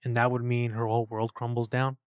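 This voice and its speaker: A man co-hosting a casual film review podcast, excited and profane, acting out lines from scenes. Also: mid-range voice, brisk, no echo, clean studio sound. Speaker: podcast co-host.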